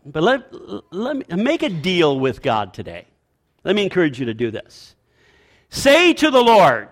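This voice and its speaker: A man's voice: on the high side, wildly swooping pitch, normal speed. A man preaching a sermon as pastor, repeating his key phrases emphatically and leading the congregation in call-and-response.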